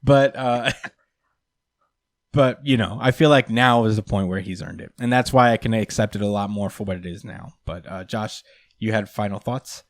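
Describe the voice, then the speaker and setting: A man's voice: fairly low pitch, normal speed, dry recording. A young man hosting a casual podcast chat, rambling and hedging with fillers like "um" and "like" as he thinks aloud. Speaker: podcast host.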